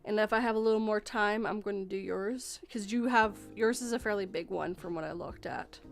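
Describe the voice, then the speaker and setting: A woman's voice: mid-range voice, fairly quick, creaky, faint music behind. A woman hosting a casual chat stream, rambling and cutting herself off mid-sentence. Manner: rambling, self-interrupting. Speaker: podcast host.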